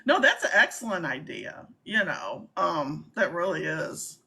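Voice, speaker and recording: A woman's voice: lowish voice, big pitch swings, a little slow, gravelly, pushed and bright. A woman co-hosting a casual live-stream chat, talking in a chatty, emphatic way.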